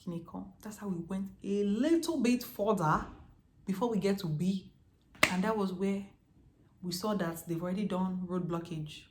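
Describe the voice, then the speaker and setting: A Nigerian woman in her twenties telling a storytime vlog in a lively, chatty way, full of slang. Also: mid-range voice, normal speed, a little hiss or hum. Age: 20s. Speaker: vlogger. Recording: echoey room.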